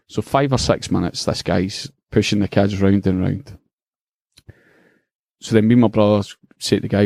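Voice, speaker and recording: Scottish man, middle-aged, podcast co-host, animated swearing storyteller, dry close sound. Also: on the low side, moderate pace, no echo. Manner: animated, profane, laughing through the story. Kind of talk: casual storytelling chat.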